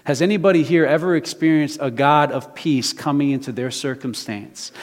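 A middle-aged pastor preaching a sermon, moving between loud emphatic bursts and hushed low passages, stumbling over restarts and asking the congregation questions. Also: male voice, normal speed, hardly any pauses. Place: church sanctuary. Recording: long hall reverb.

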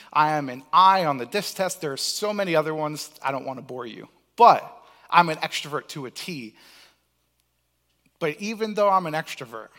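A young man from Cape Cod preaching a sermon as pastor, telling lively stories and acting out the lines he quotes. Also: fairly high pitch. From Cape Cod, Massachusetts. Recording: long hall reverb.

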